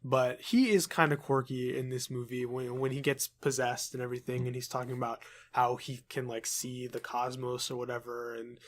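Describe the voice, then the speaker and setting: A man's voice: medium pitch, steady tone, moderate pace, hardly any pauses. Laid-back young man with many ums. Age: young adult. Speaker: podcast co-host. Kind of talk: casual chat.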